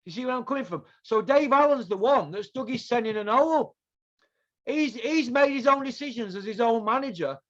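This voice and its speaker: Male host, high voice, foul-mouthed heated rant, dull lo-fi recording. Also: animated, a little fast, fairly bright tone. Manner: profane, heated, repetitive ranting. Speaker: podcast host. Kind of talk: angry ranting commentary. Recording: dull lo-fi sound.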